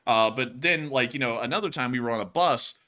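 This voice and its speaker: A man's voice: medium pitch, brisk, bright, forceful tone. A young man from Alabama with a Southern accent, rambling easily in casual chat as he answers viewer donations on a news show. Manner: easygoing, rambling with restarts. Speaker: co-host of a war news show.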